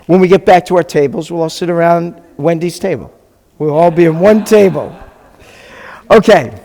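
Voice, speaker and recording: A man's voice: a little high, normal speed, creaky, warm tone. Man, rabbi teaching a class, casual, patient, asks students questions, echoing classroom. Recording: long hall reverb.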